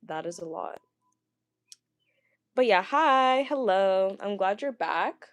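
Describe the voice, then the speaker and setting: A woman's voice: mid-range voice, lively intonation, takes it slowly, no echo. Stuttery chatty girl vlogger, lots of ums, gushy, dry close sound. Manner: stumbling, stuttering, many fillers; chatty, gushing. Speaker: vlogger reading viewer comments. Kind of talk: casual livestream chat.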